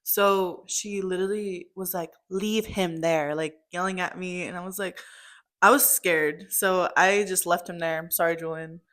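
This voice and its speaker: A young woman recounts a family story in loose, casual conversation, her voice sitting a little low. She talks in a chatty way, stringing thoughts together with plenty of "like" and "um.". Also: fairly even intonation, normal speed, fairly bright tone. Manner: chatty, full of "like" and "um" fillers. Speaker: daughter telling her story.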